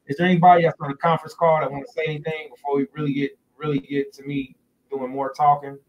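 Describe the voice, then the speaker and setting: A man giving a casual religious teaching on a livestream, talking loosely and repeating words slowly, into a phone in front of him. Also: on the high side, little pitch movement, recorded from a distance, dull audio. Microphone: phone directly in front of him.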